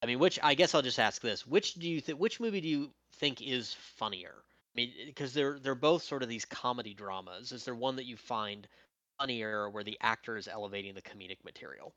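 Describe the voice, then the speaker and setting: A man's voice: medium pitch, a little fast, no echo. A man co-hosting a podcast, talking casually about movies and acting out quotes from scenes. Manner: animated, acts out quotes from scenes. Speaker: podcast co-host. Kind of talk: casual film discussion.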